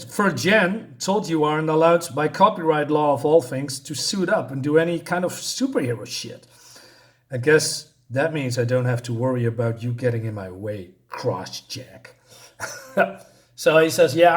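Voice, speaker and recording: A man's voice: a little high, moderate pace. A man casually recapping a comic book issue, reading out the characters' lines, with lots of fillers and a way of talking. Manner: retells the plot, reads out character lines with many fillers and laughs.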